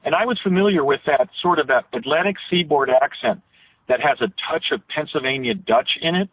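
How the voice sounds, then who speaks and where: Man on a phone line, husky voice, rambling storyteller, slightly high pitch. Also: lively intonation, fairly quick, no room sound. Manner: long rambling recollections with frequent restarts. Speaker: interview guest. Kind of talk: radio interview storytelling.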